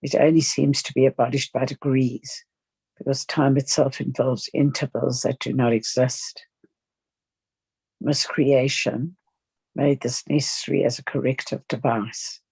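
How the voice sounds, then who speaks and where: A study group member reading a spiritual text aloud in a slow, halting way with small slips. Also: medium pitch, level tone, creaky, a little mellow, husky, no echo.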